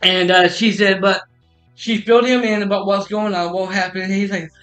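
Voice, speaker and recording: A man hosting a podcast stream, telling a long story in a halting way, restarting phrases and acting out what others said. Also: sits high, steady tone, a bit bright, faint music behind, rough recording. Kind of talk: casual rambling storytelling. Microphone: streaming mic.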